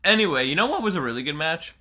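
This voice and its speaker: Young guy hosting a chat podcast, chill and teasing, bright voice. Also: on the high side, sing-song, racing. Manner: laid-back, teasing, chuckly. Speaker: podcast host. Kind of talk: casual chat about wrestling.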